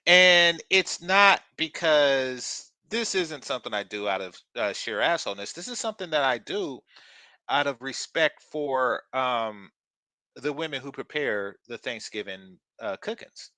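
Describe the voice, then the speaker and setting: A man's voice: mid-range voice, animated, moderate pace, pushed and bright, no room sound. A man hosting a reaction commentary channel, talking in a blunt, crude and mocking way.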